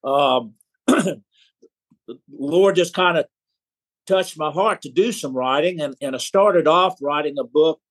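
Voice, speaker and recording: Folksy Southern American man, unhurried. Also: fairly high pitch. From South Carolina, USA. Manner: unhurried, folksy, many hesitations. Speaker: author, guest. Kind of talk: casual interview chat.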